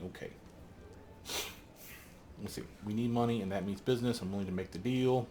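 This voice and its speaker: Low-voiced exasperated gaming man. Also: a little fast, long pauses, warm tone, a little hiss or hum. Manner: exasperated, swears and pleads with game characters. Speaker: let's play host. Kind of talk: gameplay commentary.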